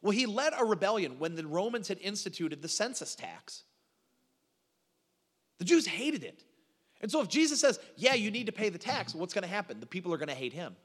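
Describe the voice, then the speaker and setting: A middle-aged man preaching a sermon as a pastor, telling stories in an animated way with frequent restarts. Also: sits high, a little fast, long pauses. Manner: animated storytelling with repeated restarts. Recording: long reverb of a large hall.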